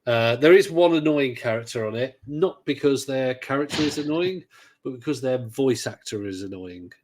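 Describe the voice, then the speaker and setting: A man's voice: medium pitch, animated, moderate pace, darkish tone. A man hosting a casual podcast chat, talking in a rambling, hesitant way with dry sarcasm. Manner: rambling, hesitant, many fillers and restarts; dryly sarcastic. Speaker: podcast host.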